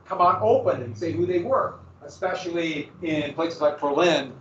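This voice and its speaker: A male history teacher lecturing a class in a lively manner, with sarcastic asides to his students. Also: on the high side, moderate pace, a little hiss or hum. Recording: echoey, distant, dull classroom recording.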